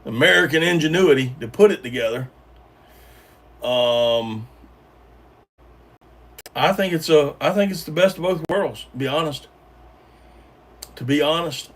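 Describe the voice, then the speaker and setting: A man's voice: fairly high pitch, unhurried, pauses often, recorded from a distance. A man hosting a casual livestream, rambling with lots of ums and restarts while chatting with viewers. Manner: rambling, hesitant, full of ums and repeated starts. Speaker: livestream host reading chat. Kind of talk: casual live-stream chat.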